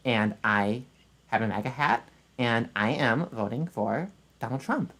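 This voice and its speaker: An indignant, self-righteous woman, as a man sends her up in a mocking put-on voice. The delivery is sarcastic and overdone, and the voice stays at his own everyday pitch. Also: lively intonation, unhurried, a bit bright. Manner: sarcastic, exaggerated mock indignation.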